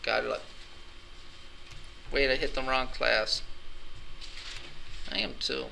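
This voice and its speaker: A man's voice: medium pitch, steady tone, slow pace, gravelly, sharp tone. A man teaching an anatomy and physiology class, lecturing in a playful, teasing way with rambling jokes. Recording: classroom recording with background noise.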